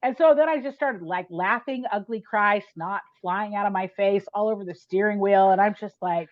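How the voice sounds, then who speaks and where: A woman guest on a podcast telling a personal story in an animated, chatty way, with frequent "like" and "right?". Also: mid-range voice, normal speed, hardly any pauses, dry recording, narrow, tinny audio.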